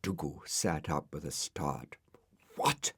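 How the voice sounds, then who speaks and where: A man narrating a children's storybook audiobook in an expressive, unhurried way. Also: low voice, no room sound, clean studio sound.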